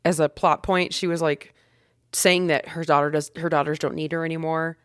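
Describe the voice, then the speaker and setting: A woman's voice: sits low, fairly even intonation, moderate pace, clear, resonant tone, no echo, studio quality. A woman co-hosting a podcast in casual chat, recapping animatedly and swearing freely. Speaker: podcast co-host.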